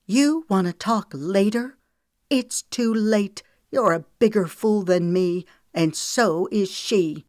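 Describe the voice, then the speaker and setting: A woman's voice: mid-range voice, slow pace, darkish tone, no echo, clean studio sound, pitched above the performer's own voice, natural voice. A woman voicing a hurt, fiery young red-haired woman in an audiobook reading, speaking in a raised, heated tone. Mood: angry, tearful.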